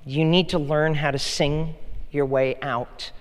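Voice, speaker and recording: Guy pastor preaching, kinda high voice, chatty and joking, big echoey hall. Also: fairly even intonation, slow. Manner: conversational, playful, repeats words when emphasizing. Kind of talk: sermon. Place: large church hall. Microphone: handheld mic. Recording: long hall reverb.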